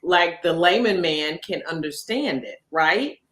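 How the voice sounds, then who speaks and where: Woman, podcast host, casual chat, low pitch, roomy echo. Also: lively intonation, measured pace, a bit bright. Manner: conversational, tag questions like "right?".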